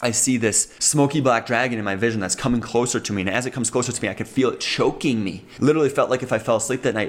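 Fast-talking man telling his testimony. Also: lowish voice, a bit bright. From Colorado, USA. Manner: intense, fast-running retelling with many "like"s and "right?". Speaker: podcast host. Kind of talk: personal testimony storytelling.

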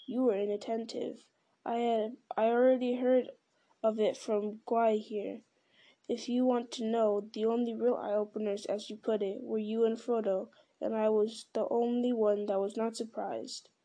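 Casting: a stern, wise old wizard, read by a woman for a storybook, mellow mid-high voice, measured and commanding. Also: little pitch movement.

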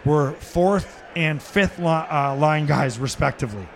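A middle-aged man with a high voice spins stories on a live podcast taped in a sports bar. He acts out every quote and breaks into laughter and shouting at the punchlines. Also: a little slow. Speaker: podcast guest. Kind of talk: animated storytelling.

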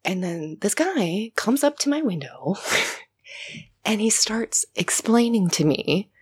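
Animated woman telling a rowdy story. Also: mid-range voice, takes it slowly, slightly rough. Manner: animated, swings into loud shouted retellings. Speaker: podcast guest. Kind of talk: casual storytelling chat.

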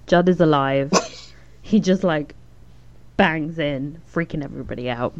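A woman's voice: low-pitched, unhurried. A woman co-hosting a podcast, recapping an episode in casual chat, laughing often and acting out characters' lines. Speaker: podcast co-host. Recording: dull lo-fi sound with faint noise.

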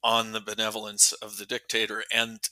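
A man's voice: fairly low pitch, completely flat delivery, a little fast, sharp tone, no room sound, rough recording. A man co-hosting a podcast in casual conversation, thoughtful with a dry, sarcastic streak. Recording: dry close mic.

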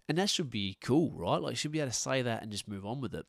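A man's voice: medium pitch, expressive, quick pace, creaky, few pauses, no echo, studio quality. A middle-aged man, hosting a podcast in a blunt, sweary, rambling way full of restarts. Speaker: podcast host. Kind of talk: casual podcast rant. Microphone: podcast microphone.

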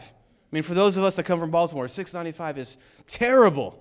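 A man preaching a sermon in a conversational, energetic way, asking the congregation rhetorical questions. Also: on the high side, a little fast, smooth. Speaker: pastor.

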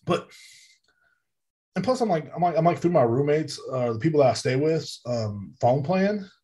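A man hosting a podcast, ranting with loud, profane exasperation in a comedic monologue. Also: a little high, lively intonation, moderate pace, slightly rough. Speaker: podcast host. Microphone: podcast mic.

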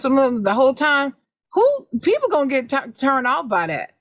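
A woman hosting a podcast, giving advice in a casual chat with a deliberately raised, emphatic voice that repeats key words. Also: sits high, huge pitch swings, dry recording. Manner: deliberately raised, loud speaking voice. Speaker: podcast host.

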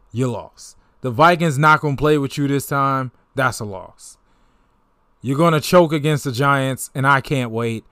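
Slow-talking trash-talking sports host, man. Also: mid-range voice, clear, resonant tone, dry recording, studio quality. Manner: trash-talking, animated, laughs at rivals. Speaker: sports talk show host. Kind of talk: casual sports talk.

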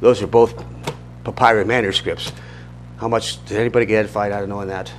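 A man's voice: lowish voice, steady tone, fast talker, a little hiss or hum. A middle-aged man teaching an informal church Bible class, talking conversationally, asking the class questions and often restarting his sentences.

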